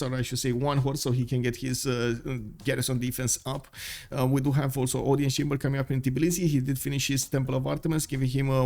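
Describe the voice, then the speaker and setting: A man casting a strategy game match, working through the action with lots of "uh" fillers. His voice sits at an ordinary middle pitch, and he often thinks out loud. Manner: many fillers, thinking aloud, bursts of excitement. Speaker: esports caster. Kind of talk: live game commentary.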